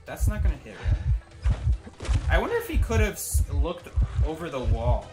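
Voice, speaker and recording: A man with a slightly higher voice talks through a live game stream in a playful, easygoing way. He breaks into laughter often as he teases his chat. Music plays clearly behind him. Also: very animated, moderate pace. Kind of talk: live gameplay commentary and chat banter. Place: basement room.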